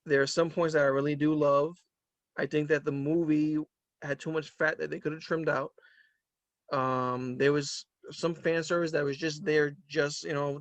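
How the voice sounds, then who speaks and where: Man, casual co-host, a bit high-pitched, dry close sound, opinionated and animated. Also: dry recording. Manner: animated, laughs often, trails off with "um". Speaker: podcast co-host. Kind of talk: casual movie review chat.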